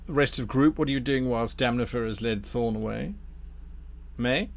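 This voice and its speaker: A man's voice: medium pitch, moderate pace, vocal fry. A man running a tabletop game as game master, narrating with wry amusement.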